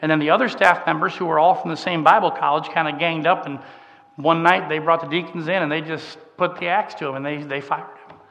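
A middle-aged man, preaching a sermon through a conversational personal story that swings from soft and emotional to emphatic. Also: on the high side, fairly even intonation, fairly quick, dull audio. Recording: long hall reverb.

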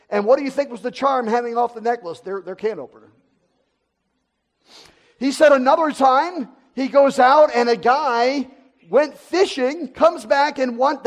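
Male preacher, high-pitched, animated sermon storytelling, drops to a near hush then rises loud. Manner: animated storyteller, swinging between loud and hushed.

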